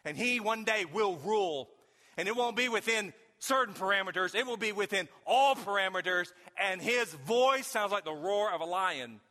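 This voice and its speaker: High, bright-voiced preacher in a reverberant hall. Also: male voice, animated, normal speed. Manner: emphatic preaching, with folksy storytelling and sudden shouted questions. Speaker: pastor. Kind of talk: sermon.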